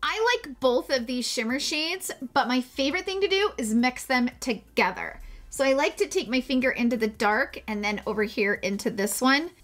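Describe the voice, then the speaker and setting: A woman's voice: high voice, lively intonation, moderate pace, fairly bright tone. A woman doing a casual makeup tutorial, gushing and chatty, who swears casually and jokes at her own expense. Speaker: beauty vlogger.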